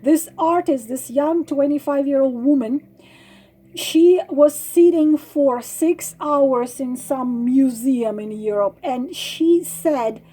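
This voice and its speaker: Slow high-voiced woman giving earnest advice. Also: warm tone. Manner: pleading, repeats herself, many ums and restarts. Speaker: tarot channel host giving advice.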